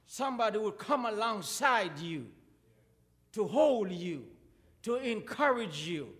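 A man's voice: sits high, sing-song, slow, fairly bright tone, big-room sound. A man preaching a sermon in a church with impassioned delivery and repeated questions.

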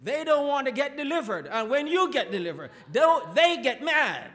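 A man's voice: very high voice, big pitch swings, normal speed, a bit bright, big-room sound. A man preaching a sermon in a church with impassioned delivery and repeated questions.

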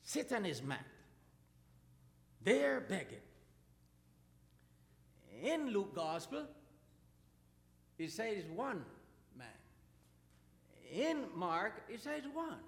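A man's voice: very high voice, sing-song, slow, long pauses, long reverb tail. A man preaching a sermon in a church with impassioned delivery and repeated questions.

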